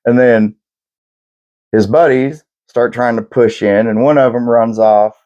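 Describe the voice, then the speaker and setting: A young man co-hosts a podcast, telling history in a casual, rambling, profane way and acting out what people said. His mid-range voice is mellow, with a steady tone and measured pace. The audio sounds dull.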